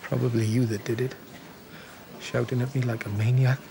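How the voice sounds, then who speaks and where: A man's voice: mid-range voice, flat delivery, moderate pace, gravelly, noisy background, natural voice. An actor playing a wry, self-mocking middle-aged man who is a heart patient. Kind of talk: TV drama acting.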